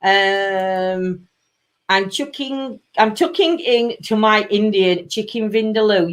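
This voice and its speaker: Speaking at a slow pace in a mid-range voice, a South Yorkshire-accented woman from Sheffield, England, hosts her casual weekly live-stream chat, reading out viewer comments and addressing everyone as "my lovely".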